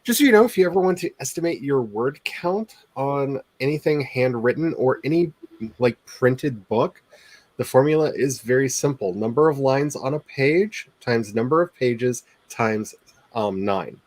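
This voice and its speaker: A man's voice: medium pitch, animated, normal speed, darkish tone, no echo. A man from the Ozarks who is an author, hosting a writing stream in a casual, rambling chat. He talks in a neutral voice that is not his natural one and laughs often.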